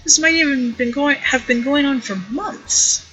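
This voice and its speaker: A woman voicing an excitable lab technician in a storybook game, talking in an eager, hurried way. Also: high voice, music in the background, voice pushed up, rough recording.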